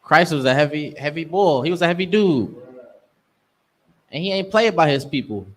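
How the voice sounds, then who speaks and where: A man's voice: fairly high pitch, expressive, moderate pace. Man teaching scripture in street slang. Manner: street-slang, emphatic preaching. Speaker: class instructor.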